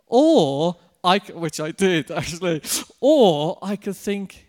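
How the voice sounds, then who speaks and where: A man preaching a sermon, telling a personal anecdote in a lively way and addressing the congregation directly. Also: high voice, slow, hardly any pauses.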